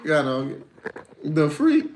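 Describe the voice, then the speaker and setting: High-voiced man telling animated stories. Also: slow pace, reverberant. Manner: animated storytelling, acts out voices, laughs often. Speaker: livestream host reading chat. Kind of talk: casual livestream chat.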